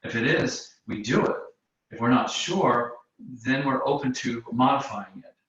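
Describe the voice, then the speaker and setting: Soft-spoken yoga teacher in a roomy space. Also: male voice, mid-range voice. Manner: slow, searching, hesitant with many restarts. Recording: roomy, distant, dull sound with faint noise.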